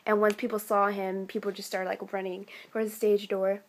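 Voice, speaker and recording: A teenage girl from the United States telling a casual vlog story, chatty and excitable, full of "like" and "um". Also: medium pitch, normal speed. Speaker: vlogger.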